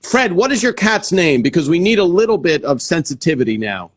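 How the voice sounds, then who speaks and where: Guy hosting a video call chat, enthusiastic, laughs a lot, slightly high voice. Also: sing-song, a little fast, background noise. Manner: enthusiastic, chatty, laughs easily. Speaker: host. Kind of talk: casual interview chat.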